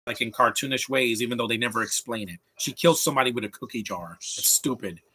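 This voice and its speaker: A man with a bright, forceful voice talks over a movie as it plays. His live commentary is opinionated and rambling, full of restarts, and his pitch sits right in the middle. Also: fast, breathy edge. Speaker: film commentator.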